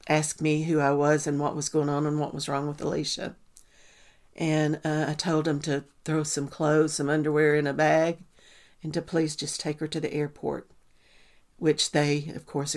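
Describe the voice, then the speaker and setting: Flat-voiced mother, halting. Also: deep voice. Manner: halting, full of ums and restarts. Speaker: mother recounting a family loss. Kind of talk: personal testimony.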